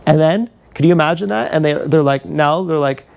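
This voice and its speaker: A man's voice: fairly high pitch, quick pace, creaky, hardly any pauses, a little mellow. Angry, profane man ranting. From Canada. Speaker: livestreamer. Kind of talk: live-streamed rant. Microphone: action camera.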